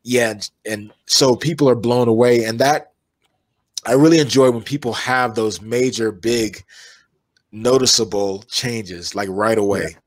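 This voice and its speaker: A man who works as an energy healer, telling long stories in a relaxed interview with many fillers and restarts. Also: mid-range voice, measured pace, no echo.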